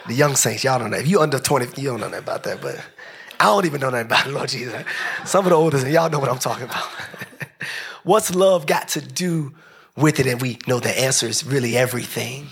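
A man preaching a lively sermon, joking with the congregation, dropping into slow low phrases and rising into high shouts. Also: vocal fry, slight background noise. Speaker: pastor.

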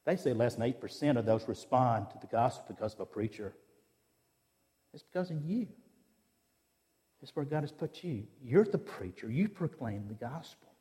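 A man's voice: mid-range voice, animated, moderate pace, long pauses, dark tone, long reverb tail. A man giving a sermon in a conversational, storytelling way, acting out the dialogue of his anecdotes. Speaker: preacher. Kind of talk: sermon with personal stories. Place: church.

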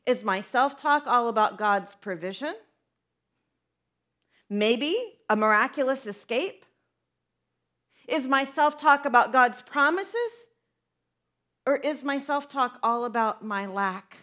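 Woman, preacher, high pitch, conversational sermon, asks listeners questions. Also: expressive, slow pace, long pauses, a bit bright.

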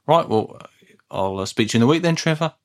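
A man's voice: medium pitch, fast. A man with a Birmingham accent hosting a podcast, talking casually in a dry, level, self-deprecating way. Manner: dry, level delivery with little show of excitement. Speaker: podcast host. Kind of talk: casual solo podcast talk.

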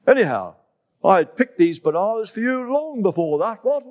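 A man's voice: high-pitched, very animated, moderate pace, a little mellow, voice pushed up. A man voicing a kindly, grand old male elephant with a hearty, old-fashioned way of talking. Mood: warm, hearty. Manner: hearty, old-fashioned, ends remarks with "what?".

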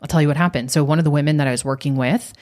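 A woman coach talking on a podcast, guiding listeners through an exercise and telling a story from a workshop in an animated way. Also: deep voice, rapid-fire. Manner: animated, acts out quoted voices.

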